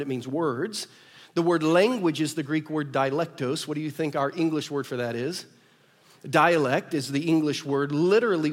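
Preacher, male, slightly high voice, emphatic delivery with soft asides, church hall reverb. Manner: emphatic preaching, big swings from loud declarations to soft asides. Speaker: pastor. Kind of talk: sermon. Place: church auditorium.

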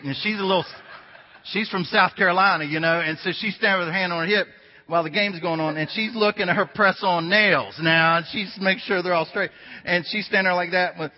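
A man in his fifties delivers a sermon in a husky voice that sits high for a man. He tells stories like a conversation and drives his points home by repeating them. The sound is dull and muffled, with a long echo from a large hall. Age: 50s. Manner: conversational storytelling with emphatic repetition. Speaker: pastor.

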